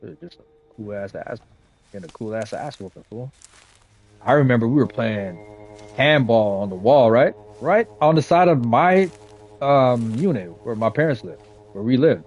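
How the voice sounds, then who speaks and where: A gaming streamer in his forties from the west side of San Jose, California, tells childhood stories in a mid-range, animated, slightly mellow voice at normal speed. The audio is dull with faint music behind him. His storytelling chat is slangy, streetwise and profane, peppered with "you know what I'm saying" and "right?".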